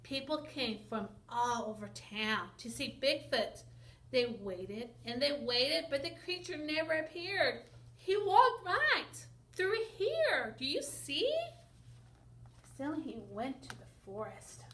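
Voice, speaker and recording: A woman teacher reading a picture book aloud to children, expressive and asking them questions. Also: high voice, measured pace. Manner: expressive, asks listeners questions, sound effects. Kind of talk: children's read-aloud lesson. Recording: echoey room with faint noise.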